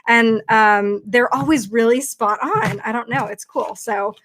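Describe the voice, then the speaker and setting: A woman's voice: on the high side, a little slow, noisy background. A woman hosting a casual livestream, talking chattily and rambling with lots of fillers into her computer mic. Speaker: livestream host.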